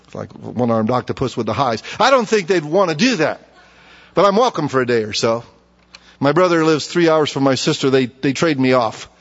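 Male pastor, folksy sermon delivery with dramatic pauses; dull recording in a reverberant church. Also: medium pitch, expressive. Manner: folksy preaching, slows for emphasis, acts out mockers. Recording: dull sound with long reverb.

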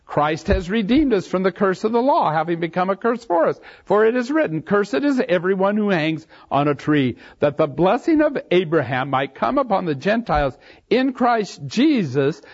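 A man preaching, reading scripture aloud and explaining it verse by verse, leaning hard on key phrases. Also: sits high. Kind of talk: expository Bible teaching. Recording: dull lo-fi sermon recording.

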